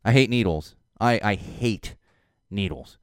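A man delivers an animated, emphatic monologue with a pitch that rises and falls in lively sweeps. The sound is dry and close, with no room around it. He hammers key words and repeats them when upset. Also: measured pace, smooth, dry recording. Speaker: show host. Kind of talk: casual monologue.

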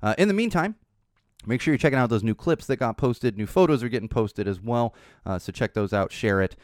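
A man's voice: medium pitch, animated, brisk, dry recording, studio quality. Profane, fired-up male podcast host. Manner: blunt, profane, impassioned. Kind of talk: ranting solo podcast commentary. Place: studio.

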